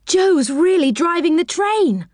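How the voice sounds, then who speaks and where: An excited young girl gushing with admiration, as a woman reads her. The voice is lifted well above her own and bounces up and down, with a dry close sound. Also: high-pitched, measured pace, no echo, pitched above the performer's own voice. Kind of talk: storybook reading.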